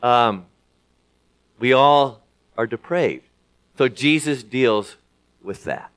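A man preaching a sermon in a conversational way, often pausing with fillers and restarting his sentences. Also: a little high, a bit bright. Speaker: pastor.

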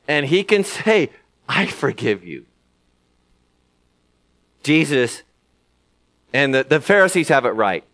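A man preaching a sermon in a conversational way, often pausing with fillers and restarting his sentences. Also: fairly high pitch, a bit bright. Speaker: pastor.

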